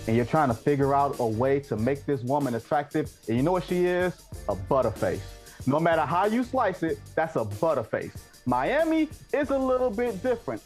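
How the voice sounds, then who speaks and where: A blunt, emphatic man argues basketball with a slightly raised pitch and a confident, joking edge. A faint music bed sits under his voice. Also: darkish tone. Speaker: guest basketball analyst. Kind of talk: opinionated sports debate.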